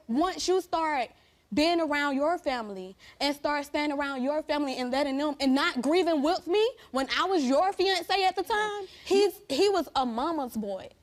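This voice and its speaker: A young woman on a talk show stage telling how her baby son died, pleading and grieving, then loudly accusing. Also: sits high. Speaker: guest. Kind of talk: emotional talk show testimony. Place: television studio stage.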